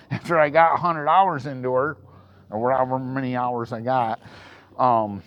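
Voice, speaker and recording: A man in a relaxed outdoor vlog, talking through his horse work in a halting, rambling way, full of ums and false starts. His pitch sits in an ordinary middle range, and his voice rises and gets louder when he calls out to the animal. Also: highs cut off. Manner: rambling, hesitant, many restarts and ums. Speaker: horse trainer. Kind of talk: casual vlog talking while working a horse.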